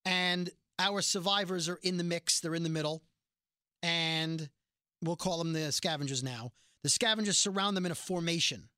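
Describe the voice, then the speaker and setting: Podcast co-host, male, high bright voice, animated, dry close sound. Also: normal speed, no echo. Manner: animated storyteller, acts out quotes. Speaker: podcast co-host recapping a TV show. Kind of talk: casual chat.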